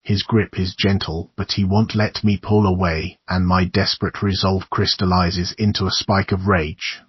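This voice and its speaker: Deep, husky male horror narrator. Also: steady tone, moderate pace, no room sound, highs cut off. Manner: intense, dramatic first-person reading. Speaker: audiobook narrator.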